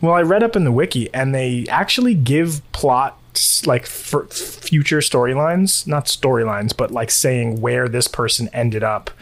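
A man co-hosting a podcast in loose, rambling conversation. His pitch rises and falls a lot as he talks, and he leans on fillers and little laughs. He sounds like he is recording at home. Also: animated, unhurried, hardly any pauses. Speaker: podcast co-host. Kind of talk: casual chat. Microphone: home recording setup.

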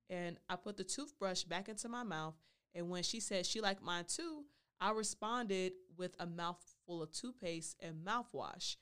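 Woman, podcast host, playful, smooth voice, solo storytelling, close mic. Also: lowish voice, sharp tone. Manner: playful, talks about herself in the third person.

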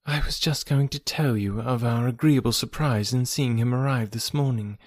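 A man reading the part of a gracious, middle-aged gentlewoman hostess in a storybook, polite and gentle. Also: mid-range voice, moderate pace, no echo, studio quality, natural voice. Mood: pleased.

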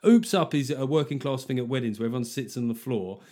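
A man hosting a podcast, telling stories in a sweary, jokey, animated way. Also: medium pitch, fast talker. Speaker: podcast host. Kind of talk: casual comedic chat.

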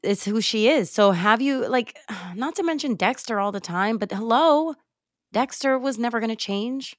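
A young woman hosting a podcast from home, retelling a movie plot in a casual, animated way, with sighs and laughs. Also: fairly high pitch, normal speed, dry recording, studio quality. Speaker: podcast host. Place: home, late at night. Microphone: remote call recording.

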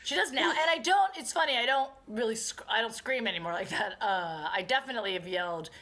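A woman in her thirties with a bright, forceful voice, telling lively stories on a podcast. She acts out scenes and breaks into sudden screams. Her voice sits a touch high. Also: brisk. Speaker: guest comedian. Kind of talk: casual podcast chat.

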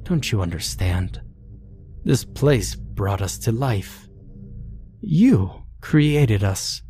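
A man's voice: on the low side, big pitch swings, very slow, dark tone, faint music behind, heavily acted. A man voicing a sadistic, playful female cannibal clown with teasing menace in a horror story. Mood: gleeful menace.

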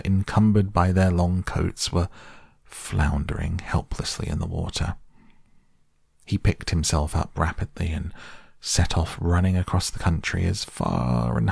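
A man narrating a storybook softly and slowly as a bedtime audiobook, close to the mic. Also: low voice, creaky, husky, no room sound. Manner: slow, soft, soothing delivery. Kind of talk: soft bedtime audiobook reading.

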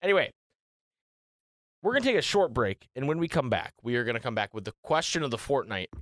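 A man's voice: medium pitch, brisk, no room sound, studio quality. A man hosting a podcast in casual chat, joking and swearing as he talks. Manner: animated, swearing, mimics singers. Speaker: podcast host.

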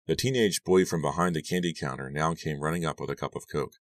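A man narrating a first-person audiobook in a steady, even storytelling manner. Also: very deep voice, fast talker, no room sound, distant mic.

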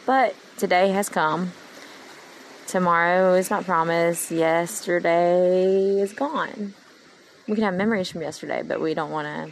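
A woman's voice: fairly low pitch, a little hiss or hum, poor audio. A woman in her thirties talking in a rambling, earnest personal monologue to her followers. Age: 30s. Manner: meandering, earnest, heartfelt. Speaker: vlogger.

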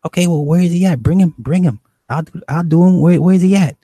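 Brash, indignant woman, a man doing her, pitched high, dry close sound. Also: lively intonation, slightly rough, dry recording, full character voice. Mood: pushy. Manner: loud, profane, rapid-fire and indignant. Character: brash frantic woman in a drug house.

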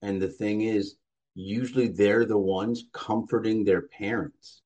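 A man's voice: lowish voice, steady tone, measured pace, dark tone. A man hosting an interview, responding in a frank, sympathetic way with casual swearing. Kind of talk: casual conversation.

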